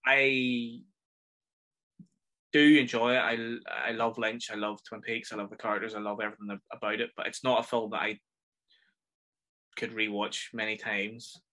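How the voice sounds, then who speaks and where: A man's voice: on the low side, flat delivery, normal speed, long pauses, sharp tone. A man with a Northern Irish accent hosting a casual film review podcast, chatty and enthusiastic as he rambles through his thoughts. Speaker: podcast host.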